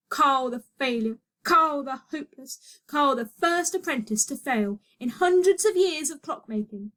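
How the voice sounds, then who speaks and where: A woman's voice: high-pitched, a bit bright, voice pushed up. A woman voicing a bitter, despairing young male clockmaker's apprentice in a storybook read-aloud, speaking with anguish.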